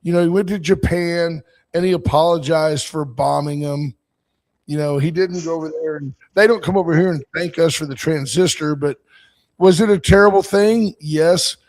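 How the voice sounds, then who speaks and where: Guy in his 60s running a call-in show, kinda high voice, rambles on and reads listener comments out. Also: normal speed, a little mellow. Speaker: talk show host. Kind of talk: casual political call-in talk.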